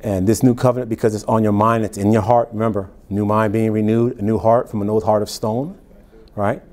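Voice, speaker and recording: A pastor teaches from the Bible, reading passages slowly and then explaining them in easygoing asides. His voice is fairly low and darkish, with fairly even intonation.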